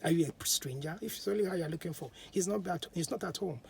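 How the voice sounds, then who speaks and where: A man voicing a proud, conceited young woman in a spoken folktale, with a haughty, shrill manner. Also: quick pace, creaky, darkish tone, slight background noise.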